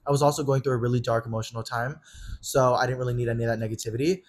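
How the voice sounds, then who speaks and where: A man's voice: medium pitch, fairly even intonation, racing. A young man in his twenties, co-hosting a podcast, animatedly retelling a story with swearing and acted-out quotes. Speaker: podcast co-host. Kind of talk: casual storytelling chat.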